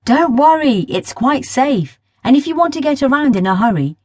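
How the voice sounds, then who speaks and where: A cheeky, grinning boy, put on by a woman reading a children's story, who teases with a lively, bouncing voice. The sound is close and dry, with a slightly husky edge. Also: high-pitched, moderate pace, no room sound, pitched above the performer's own voice. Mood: cheerful. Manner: playful, teasing. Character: cheeky red-haired boy, a bit older, mischievous.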